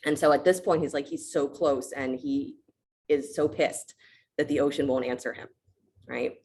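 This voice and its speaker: A woman yoga teacher who tells a myth to her class in a relaxed, conversational way, often checking in with "right?". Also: low-pitched, moderate pace, a little hiss or hum.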